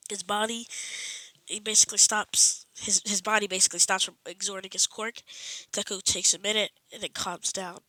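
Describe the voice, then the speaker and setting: A woman's voice: medium pitch, pushed and bright, no echo, poor audio. A woman casually improvising a fan story, rambling with many restarts and self-corrections.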